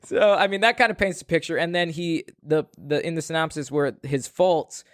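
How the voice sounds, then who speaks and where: A man's voice: a little high, moderate pace, dry recording, clean studio sound. A man hosting a podcast and telling stories in casual chat, rambling with many fillers. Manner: rambling, filler-heavy storytelling. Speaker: podcast host.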